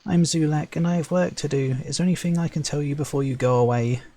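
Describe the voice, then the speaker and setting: A man's voice: fairly high pitch, quick pace, warm tone, pitched above the performer's own voice. A man voicing a curt, officious female servile overseer who talks in a brusque, sarcastic way. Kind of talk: let's play voice acting.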